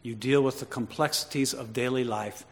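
A man preaching a sermon to his congregation, swinging between loud emphatic lines and quiet conversational asides with questions to the listeners. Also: mid-range voice, fairly even intonation, moderate pace. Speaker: pastor. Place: church. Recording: long reverb of a large hall.

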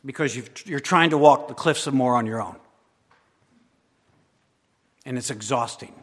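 A man preaching a sermon as pastor, swinging between loud emphatic declarations and quiet, intimate asides. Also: mid-range voice, moderate pace. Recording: long hall reverb.

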